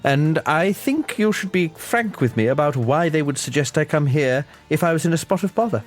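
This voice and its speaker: A man's voice: fairly high pitch, animated, normal speed, faint music behind, close to an everyday voice. A man voicing a prim, superior aristocratic English lady who speaks in a clipped, indignant way. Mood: haughty.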